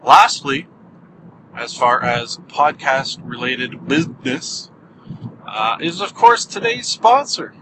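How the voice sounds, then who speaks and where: A man's voice: medium pitch, lively intonation, takes it slowly. A man hosting a podcast alone, talking casually and joking wryly at his own expense while driving. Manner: wry, joking, self-mocking. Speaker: podcast host. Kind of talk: casual solo podcast monologue. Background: car engine and road hum.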